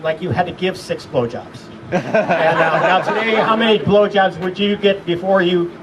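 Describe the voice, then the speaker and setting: A man's voice: sits high, normal speed. A man sharing rambling, chuckling anecdotes as a eulogy at a memorial gathering. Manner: rambling, chuckling between stories. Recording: distant mic with noise behind.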